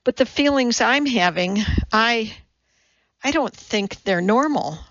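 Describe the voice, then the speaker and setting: A woman's voice: animated, takes it slowly, a bit bright, no room sound, dull audio, full character voice. A woman voicing an anxious, self-doubting young mother who talks hesitantly and pleads. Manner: hesitant, pleading, raised pitch.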